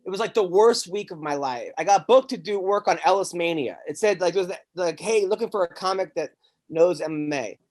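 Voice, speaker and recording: A man, a stand-up comic hosting a podcast, tells a long, rambling story in casual chat, animated and profane, often stammering and restarting his sentences. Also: sits high, fairly quick.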